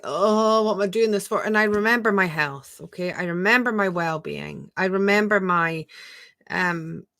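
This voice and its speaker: A woman coaching viewers on a live stream, talking gently and asking a lot of rhetorical questions. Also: mid-range voice, dry recording. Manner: reads viewer comments aloud and answers them. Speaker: spiritual coach.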